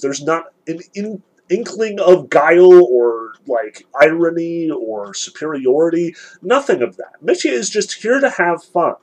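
A man's voice: fairly high pitch, darkish tone, husky, poor audio. A man giving an earnest literature lecture, reading passages and analyzing them, emphatic with frequent restarts.

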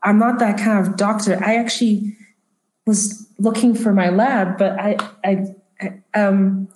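A rattled woman doctor, stammering and restarting as she speaks, voiced by a woman running the game. The voice sits at an ordinary pitch. It rings with the echo of a bare room. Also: steady tone, measured pace, a little mellow, lightly acted. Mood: flustered. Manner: stammering, flustered. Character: panicked woman doctor, middle-aged, breathless. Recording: echoey room.

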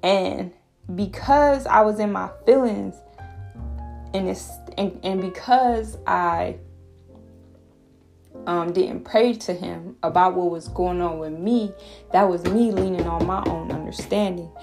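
A woman's voice: on the low side, takes it slowly, vocal fry, a little mellow, soft background music. A woman giving a casual devotional talk, earnest and rambling, restarting her sentences as she shares a personal testimony. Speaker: faith vlogger sharing a personal testimony.

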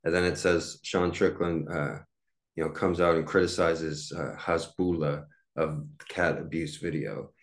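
A man in his forties talks through a solo podcast in a very low voice. He rambles and circles back, filling gaps with fillers and false starts. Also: steady tone, a little slow. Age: 40s. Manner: rambling, with many fillers and restarts. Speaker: podcast host. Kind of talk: casual solo podcast monologue.

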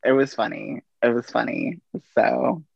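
Gravelly-voiced man telling stories. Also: medium pitch, measured pace, no echo, muffled recording. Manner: relaxed anecdotal delivery with quoted dialogue. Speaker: podcast guest, army veteran. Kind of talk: casual storytelling.

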